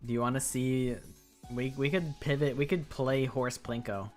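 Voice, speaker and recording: A woman's voice: very deep voice, steady tone, normal speed, a little mellow, faint music behind. A woman streamer reading a game aloud and chatting in a rambling, jokey, profane way.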